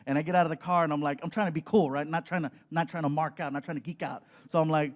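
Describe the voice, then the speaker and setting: A male comedian guesting on a talk show, telling a rambling, self-deprecating story with animated energy. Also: a little high, racing, hardly any pauses.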